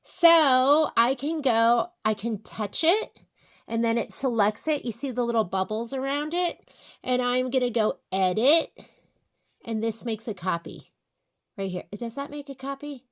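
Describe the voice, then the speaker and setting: A woman giving a casual step-by-step crafting and cutting software tutorial, chatting to herself and to viewers as she works. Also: fairly high pitch, unhurried. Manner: chatty, talks to herself while working, asides to viewers. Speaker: sewing and crafting instructor.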